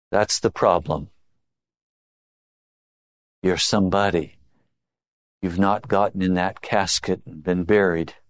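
Emphatic man preaching a sermon. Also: no room sound. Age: older. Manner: emphatic, swings from low confiding tones to raised exhortation.

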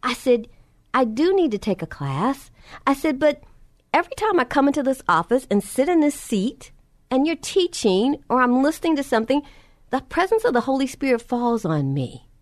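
Woman preacher, higher voice with a wide swinging pitch, tells testimony and plays every part of the dialogue. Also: very animated, normal speed, no room sound, clean studio sound. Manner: storytelling, acts out both sides of dialogue, drops soft and low for reverent moments. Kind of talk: sermon with personal testimony.

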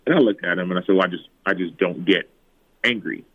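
A man in his thirties, a former football player, tells personal stories in an interview, acting out quoted lines in a higher voice. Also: fast talker. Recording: tinny phone-like remote line.

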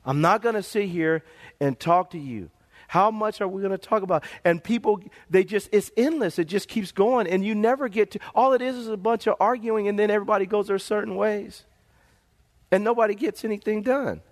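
A man's voice: high-pitched, fairly quick. A middle-aged male pastor preaching a sermon, telling stories animatedly and calling for amens.

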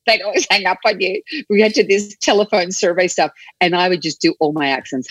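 A middle-aged Australian woman, an enthusiastic, animated storyteller chatting as an interview guest. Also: lowish voice, fast talker, no echo, rough recording. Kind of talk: casual chat.

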